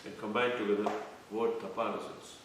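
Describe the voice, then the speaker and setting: A man's voice: on the low side, fairly even intonation, noisy background. Man teaching scripture in an echoey room. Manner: explains terms slowly, quizzes listeners. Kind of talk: devotional scripture lecture. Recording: echoey room, mic far off.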